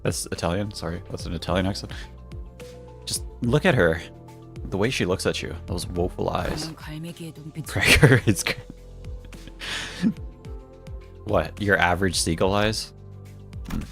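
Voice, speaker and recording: A man's voice: sits low, animated, a little slow, vocal fry, pauses often, fairly bright tone, soft background music. A young man streaming a game, reading its dialogue aloud in playful voices and joking with his chat.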